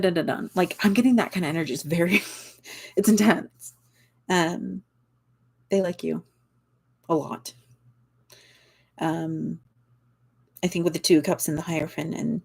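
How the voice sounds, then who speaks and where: A young woman with a slightly low voice talks through a tarot reading in a casual, unscripted way. She circles back on her words, trails off and fills the gaps with frequent "like"s and soft laughs. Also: creaky. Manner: rambling, searching for words, frequent likes and laughs. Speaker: tarot reader.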